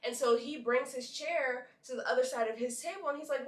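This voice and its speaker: A young woman from Brooklyn tells a story to her viewers in a chatty, animated way, dropping in likes and asides. Her voice sits a little high. She is a bit back from the mic in an echoey room. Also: a little fast, few pauses, distant mic. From Brooklyn, New York. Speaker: model and vlogger. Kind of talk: casual storytelling to camera.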